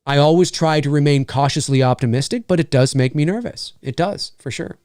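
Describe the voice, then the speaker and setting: A middle-aged man who does voice acting fields viewer questions on a livestream, his voice a little high and his pace brisk. He's animated and keeps rambling and restarting, recorded in his home studio on a studio mic without echo.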